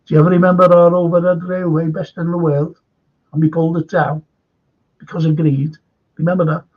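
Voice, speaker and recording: A man's voice: on the high side, flat delivery, brisk. An older man with a Liverpool accent hosting a live current-affairs stream, rambling chattily and greeting viewers from the chat. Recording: dull lo-fi stream audio.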